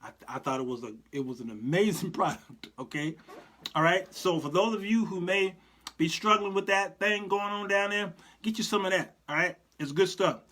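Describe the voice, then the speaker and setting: A man hosts his show in a loose, preacherly monologue. His voice sits a little high, and his delivery is folksy, full of asides and easy laughter. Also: moderate pace, sharp tone. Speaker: show host. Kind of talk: casual live-show monologue.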